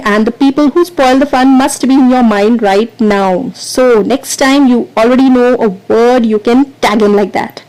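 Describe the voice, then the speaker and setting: A woman's voice: on the high side, a little mellow, rough recording. A woman teaching vocabulary as a quiz, explaining patiently and counting down before each answer. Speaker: English teacher.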